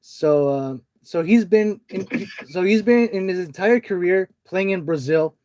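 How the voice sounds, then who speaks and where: A man's voice: high voice, unhurried, a little mellow. A man co-hosting a casual soccer podcast over an online call, often hesitating and restarting his phrases. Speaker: podcast co-host.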